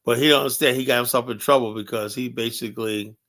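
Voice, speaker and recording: A man holds forth as a show host, rambling and blunt, with plenty of profanity. He keeps breaking off to ask a co-host whether he agrees. His pitch sits in the ordinary middle for a man. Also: steady tone, fast talker, a bit bright. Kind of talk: casual opinionated monologue.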